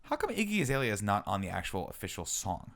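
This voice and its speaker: Man, podcast co-host, lowish voice, rapid-fire, jokey riffing. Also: huge pitch swings, fairly bright tone. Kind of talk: casual chat.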